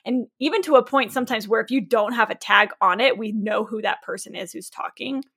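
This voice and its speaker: A woman's voice: on the high side, brisk, creaky, fairly bright tone, slightly rough, no room sound, clean studio sound. A woman co-hosting a podcast as a novelist, chatting casually and playfully teasing her co-host. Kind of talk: casual chat.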